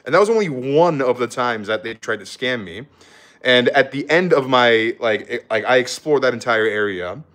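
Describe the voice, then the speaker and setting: A man's voice: medium pitch, animated, normal speed, a bit bright. A young man, a travel vlogger, telling a rambling casual story from a hotel room, full of fillers and quoted voices.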